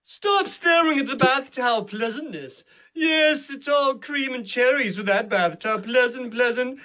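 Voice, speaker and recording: A man voicing a pompous evil villain who greets the listener in a high, theatrical voice with sinister laughs, in a recorded comedy video greeting. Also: a little slow, bright, forceful tone, exaggerated voice. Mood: hammy sinister. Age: older.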